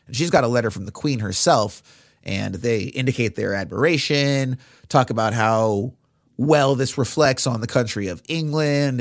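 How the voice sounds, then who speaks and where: A man's voice: mid-range voice, no room sound, clean studio sound. A male podcast co-host casually recapping a film scene by scene, with many fillers.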